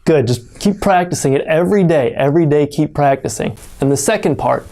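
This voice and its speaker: With a mid-range, animated and mellow voice, a native English speaker teaches pronunciation online, deliberately exaggerating sounds to show them.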